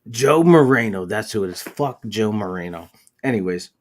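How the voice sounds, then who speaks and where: A man with a fairly low voice hosts a casual podcast chat. He tells stories in an animated way, full of swearing. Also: moderate pace. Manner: profane, animated storytelling. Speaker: podcast host.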